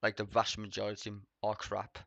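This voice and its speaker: A young man rambles through sarcastic, expletive-heavy political commentary on a live stream. His voice is bright and forward, recorded dry and close on a slightly dull, lo-fi mic. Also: fairly low pitch, monotone, moderate pace, creaky, dry recording.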